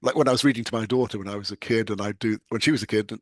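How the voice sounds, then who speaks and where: A man's voice: fairly low pitch, racing, no room sound, clean studio sound. An older man with a British accent, telling stories as a novelist being interviewed, laughing often. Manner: animated storyteller, laughs often. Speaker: guest novelist. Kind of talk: conversational anecdote.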